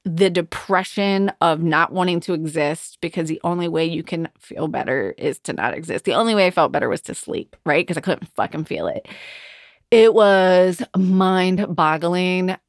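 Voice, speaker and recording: Frank, low-voiced woman podcaster. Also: no room sound, studio quality. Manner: emotional, frank, swears often. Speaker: podcast host. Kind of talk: candid personal monologue.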